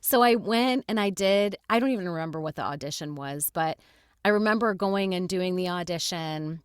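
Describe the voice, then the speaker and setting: Low-voiced Midwestern woman telling her story. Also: moderate pace, clear, resonant tone, no echo, clean studio sound. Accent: Midwestern American. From Michigan, USA. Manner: chatty, storytelling with quoted asides. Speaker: guest voice actor. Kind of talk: casual interview chat.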